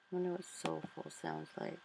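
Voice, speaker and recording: Low, gravelly-voiced woman talking casually. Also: little pitch movement, normal speed, background noise. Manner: chatty, thinking aloud, self-correcting. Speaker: author and vlogger. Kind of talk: casual screen-recorded tutorial.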